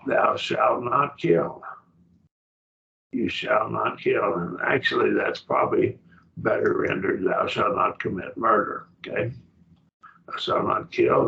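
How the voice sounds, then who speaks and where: A man's voice: lowish voice, vocal fry, a bit bright, a little hiss or hum. A man teaching a Greek grammar class, explaining patiently and checking in with his students, heard from a distant mic. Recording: distant mic, dull muffled classroom recording.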